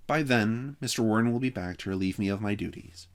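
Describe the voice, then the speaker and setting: A man's voice: fairly low pitch, fairly quick, voice pushed up, close to an everyday voice. A man voicing a sly teenage boy running a summer camp, announcing in a mock-official way. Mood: mock-formal.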